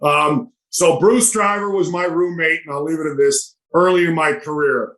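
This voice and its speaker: A man's voice: fairly high pitch, moderate pace, poor audio. A man in his fifties tells long hockey road stories as a podcast guest. He talks casually and acts out the voices of teammates and coaches as he goes. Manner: animated anecdotes, acts out quoted voices. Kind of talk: casual storytelling.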